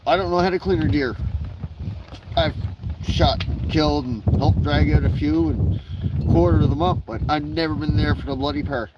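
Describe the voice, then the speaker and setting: A man's voice: a little high, moderate pace, lo-fi sound, heavy background noise. A man chatting on a casual live stream from his backyard, rambling and swearing freely as he drifts between topics. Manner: rambling, profane, digressive. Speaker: livestreamer.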